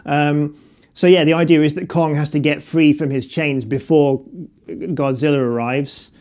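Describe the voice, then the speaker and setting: A middle-aged man talks through his thoughts on a film in a loose, unscripted way. He stops and restarts often, filling gaps with ums and uhs. His voice sits a little high for a man. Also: steady tone, measured pace, a little mellow. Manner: hesitant, many fillers and restarts. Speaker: film reviewer. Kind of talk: casual unscripted film review.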